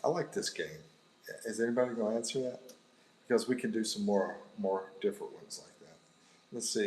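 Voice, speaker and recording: Rambling middle-aged man, low voice. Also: fairly quick, a little mellow, low-quality recording. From United States. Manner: rambling and chuckling. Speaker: livestream host. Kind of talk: casual live-stream chat. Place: indoors by a sunny window.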